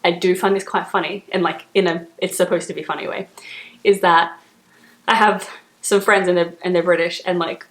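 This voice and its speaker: A young Australian woman chatting casually to camera as a vlogger, laughing often and filling pauses with "like". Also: fairly low pitch, steady tone, echoey room.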